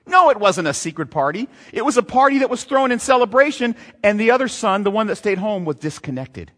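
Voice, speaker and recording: Pastor guy preaching, high voice swinging all over, lots of rhetorical questions, long echo like a big hall. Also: fairly quick. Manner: animated, rhetorical questions, reads and retells scripture. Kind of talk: sermon.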